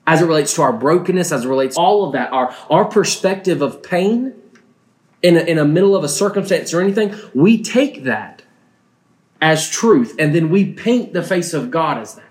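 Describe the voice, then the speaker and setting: A man's voice: a little high, lively intonation, darkish tone. A man preaching a sermon, telling a personal story earnestly, often restarting his words. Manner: earnest, halting with frequent restarts.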